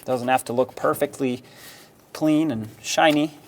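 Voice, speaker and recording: A man's voice: mid-range voice, fairly even intonation, a little slow, slight background noise. Plain-spoken man explaining car repair. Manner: practical and step-by-step, with frequent "uh" fillers. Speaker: auto repair instructor. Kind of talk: instructional how-to narration.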